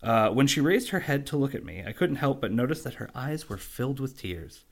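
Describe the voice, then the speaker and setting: A man's voice: medium pitch, big pitch swings, a little fast, gravelly. A man co-hosting a comedy podcast, reading a sentimental story aloud and mocking it with profane jokes.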